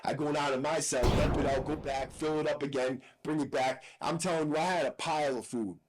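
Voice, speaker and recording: A man's voice: fairly high pitch, steady tone, brisk, background noise. A man hosting a podcast, telling a story in a blunt, profane, casual way with frequent asides. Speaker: podcast host.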